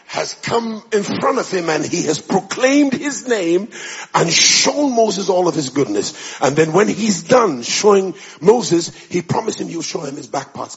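A man preaching a sermon, speaking emphatically and building to loud, fervent delivery. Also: on the high side. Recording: muffled lo-fi recording.

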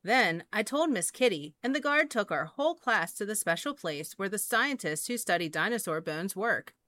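A woman reading children's picture books aloud in an expressive, sing-song way. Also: mid-range voice, moderate pace. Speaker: storyteller.

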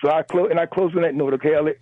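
Male call-in caller, fired up, repeats himself; husky, high-pitched, thin phone sound. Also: steady tone, racing, dry recording. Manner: emphatic, repeats words, rambling. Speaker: radio show caller. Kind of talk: impassioned call-in commentary. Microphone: telephone. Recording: tinny phone line.

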